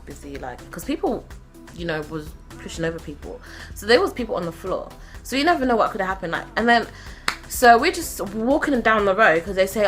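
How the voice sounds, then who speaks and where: A young woman telling a personal story in a chatty, animated vlog, laughing often. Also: lowish voice. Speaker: vlogger.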